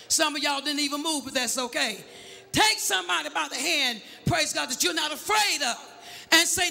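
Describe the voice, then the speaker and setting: A man preaching a sermon, calling for a witness, shouting and half-singing his lines in an echoey church. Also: very high-pitched, moderate pace, gravelly.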